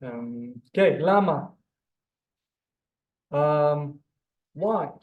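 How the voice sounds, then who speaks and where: A man teaches a beginner language lesson in front of a board, speaking over a video call. His voice sits a little high and he takes his time, stretching each word and exaggerating its sounds so students can copy them. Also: lively intonation, narrow, tinny audio. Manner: drawn-out, exaggerated pronunciation of words. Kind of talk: live online beginner lesson.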